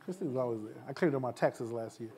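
A man's voice: medium pitch, expressive, fast talker, dark tone, husky. A male pastor telling a personal story in an informal church Q&A, acting out the voices of the people in it and laughing at his own jokes.

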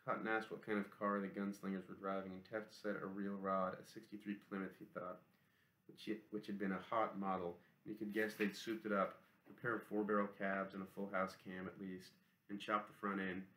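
Steady male audiobook narrator, monotone delivery, echoey room. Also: low-pitched, brisk. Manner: steady, even reading.

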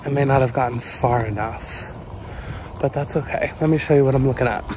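A man's voice: medium pitch, fairly even intonation, brisk, background noise. Chatty male vlogger rambling to camera. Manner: chatty, rambling, many fillers. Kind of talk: casual vlog narration. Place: walking around a resort, then a hotel room.

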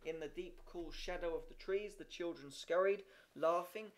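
A man reads a story aloud as an amateur audiobook, occasionally slipping and restarting. He has a high-pitched voice and keeps a moderate pace.

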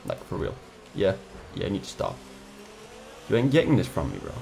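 A man's voice: deep voice, huge pitch swings, fairly quick, vocal fry, warm tone, a little hiss or hum. A man giving casual gameplay commentary, frustrated, swearing and trash-talking his rivals. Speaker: gamer.

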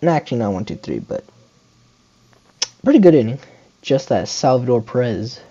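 A young man giving casual play-by-play commentary on a baseball video game, muttering calls between sudden excited shouts. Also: mid-range voice, normal speed, highs cut off. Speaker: gaming channel host.

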